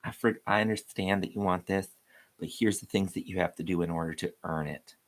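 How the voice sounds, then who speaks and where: A man's voice: sits low, steady tone, a little fast. A man putting on a drawling Southern churchgoer. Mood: stern. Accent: put-on Southern US. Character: stern rule-giving churchgoer, adult man.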